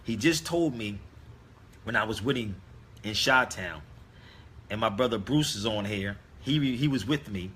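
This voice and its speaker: A man's voice: fairly low pitch, animated, measured pace, long pauses, fairly bright tone, a little hiss or hum. A man telling a story in a casual monologue, emphatic and speaking straight to his listeners. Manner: emphatic, addresses listeners directly. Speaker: online talk host.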